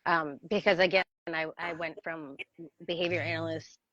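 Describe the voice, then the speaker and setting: Guest parenting coach, woman, thirties, lively and laughing, slightly low pitch, dull call sound. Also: moderate pace, no room sound. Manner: animated storyteller, laughs often, acts out voices. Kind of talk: casual interview conversation. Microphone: video call. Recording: dry, dull video-call audio.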